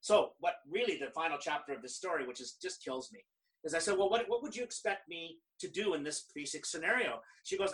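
A middle-aged man from Canada, a professional speaker, telling stories in an animated, conversational way and acting out other people's lines. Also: on the high side, brisk, distant mic, rough recording. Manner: animated, quotes others in lively dialogue. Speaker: guest speaker. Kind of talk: conversational storytelling.

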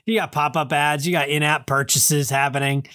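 A man's voice: a little high, steady tone, moderate pace, pushed and bright. A man co-hosting a comedy podcast, joking and mock-complaining, often laughing. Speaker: podcast co-host. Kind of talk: comedic riffing chat.

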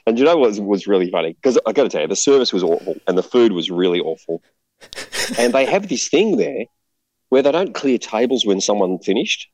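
Low-voiced man telling a story. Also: brisk, no echo, poor audio. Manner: rambling, animated, laughs often. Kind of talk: casual storytelling chat.

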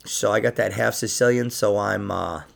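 A man chatting casually on a podcast, rambling and swearing, with loud bursts of laughter. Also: on the low side, normal speed, gravelly. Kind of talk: casual chat.

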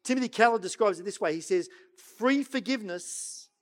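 A middle-aged pastor preaches in a fairly high voice for a man. He pushes hard on his points, then drops to a near-whisper for prayers and scripture. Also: expressive. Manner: swings between loud urging and hushed, slow prayerful quoting. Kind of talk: sermon.

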